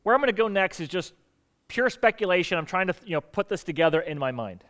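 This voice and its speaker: A man preaching a sermon as pastor, animated, asking rhetorical questions and acting out quoted lines. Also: sits high, quick pace.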